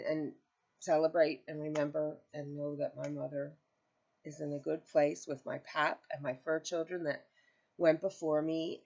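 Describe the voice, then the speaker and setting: A woman chatting to her viewers from home in a lowish voice, rambling and heartfelt. She sounds close to tears at times. The home-video audio is dull and lo-fi. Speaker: crochet vlogger. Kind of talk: casual chat to camera. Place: home, with pets nearby.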